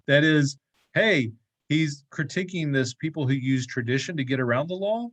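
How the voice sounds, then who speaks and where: Husky man leading a relaxed Bible study. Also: a little high, no room sound, low-quality recording. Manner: reads scripture aloud slowly, then talks loosely with many asides. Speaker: Bible class leader. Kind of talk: casual Bible study teaching.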